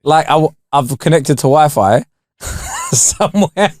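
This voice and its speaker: A man's voice: fairly high pitch, lively intonation, a little slow, a little mellow, dry recording, clean studio sound. A young man co-hosting a podcast, chatting casually, telling loose stories and laughing often. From England. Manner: laughs often, loose storytelling with quoted voices. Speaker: podcast co-host. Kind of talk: casual chat.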